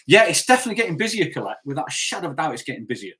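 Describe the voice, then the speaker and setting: Quick-talking guy on a live stream, slightly high voice, blunt and rambling, answering comments. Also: sing-song, bright, forceful tone. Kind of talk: casual live-stream chat.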